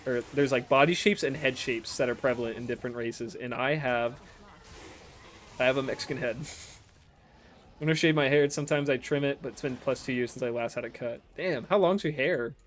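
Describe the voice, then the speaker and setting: A man's voice: medium pitch, brisk. A young American man streaming a game, chatting casually and reading viewer messages aloud, rambling, laughing often and swearing freely.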